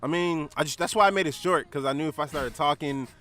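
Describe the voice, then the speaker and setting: A man co-hosting a podcast, telling a personal story in a relaxed, rambling way with lots of fillers. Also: on the high side, fast. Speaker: podcast co-host. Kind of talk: casual storytelling chat.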